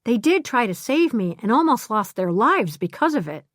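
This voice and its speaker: Female narrator doing a gentle young bride, sweet and even. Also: fairly high pitch, normal speed, no room sound, studio quality.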